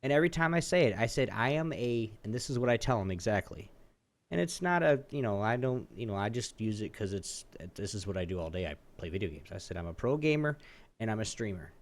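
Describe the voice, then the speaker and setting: Ranting man telling phone-call stories. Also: quick pace. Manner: animated storytelling, swears, acts out phone calls; swings between loud outbursts and low mutters. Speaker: podcast co-host. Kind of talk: casual ranting chat.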